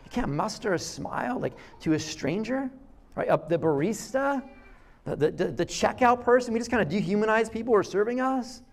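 A middle-aged man preaching a sermon in a conversational, animated way, telling stories and acting out quotes. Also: high voice, brisk, gravelly. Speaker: pastor.

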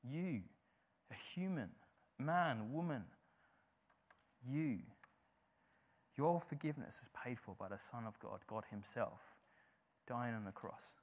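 A man's voice: medium pitch, expressive, slow, pauses often. A man preaching a sermon in an informal, conversational way, often filling with "like".

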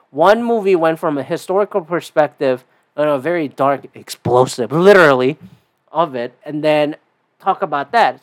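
A man hosting his own podcast alone, talking casually in a rambling, profane way with lots of fillers and big jumps in pitch. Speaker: podcast host. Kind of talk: casual solo podcast monologue.

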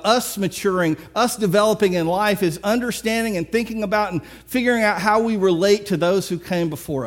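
A man preaching a sermon, retelling a story with lively, acted-out dialogue. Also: high voice. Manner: animated storytelling, acts out characters. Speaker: pastor.

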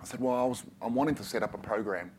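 A man's voice: on the low side, racing, darkish tone, a little hiss or hum. A man from New Zealand, a community leader, answering a question on a panel in a plain, earnest way with frequent "you know". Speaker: guest community leader and author.

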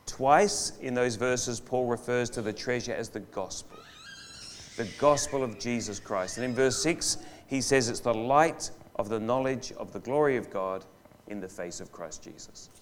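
A man's voice: mid-range voice, a little hiss or hum. Man preaching a live church sermon. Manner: slows and stresses key words for emphasis. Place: church hall.

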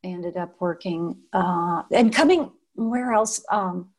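An older woman from Nevada, a former showgirl dancer, reminiscing in an interview. She is a lively storyteller who acts out quotes and often restarts her sentences. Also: fairly low pitch, takes it slowly, slightly rough.

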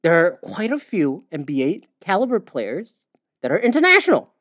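A man's voice: sits high, big pitch swings, normal speed, a bit bright, no room sound. Profane ranting man, dry close mic. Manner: profane, ranting, with frequent fillers. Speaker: podcast host. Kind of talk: casual sports rant.

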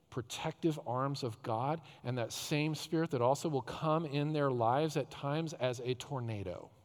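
A male pastor preaching a sermon, swinging between loud rhetorical questions and hushed, tender phrases. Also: on the high side. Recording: long hall reverb.

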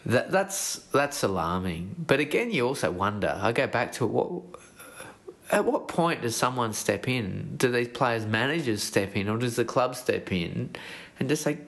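A man's voice: medium pitch, sing-song, moderate pace, gravelly. A man, co-hosting a casual sports chat podcast, thoughtful and a little hesitant. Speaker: podcast co-host.

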